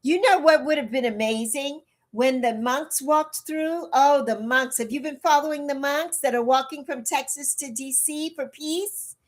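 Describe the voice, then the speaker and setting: A woman's voice: sits high, normal speed, hardly any pauses. Blunt, emphatic woman in her sixties. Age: 60s. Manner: blunt, emphatic, repeats herself, reads and answers chat. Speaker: livestream host. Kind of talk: casual livestream chat.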